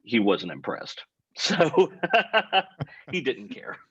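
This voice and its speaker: A young man from Texas telling a funny story in a deadpan, rambling way as a podcast guest. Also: medium pitch, extremely slow, slightly rough, no room sound, highs cut off. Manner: deadpan comic storytelling, acts out his own quotes. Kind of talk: casual storytelling.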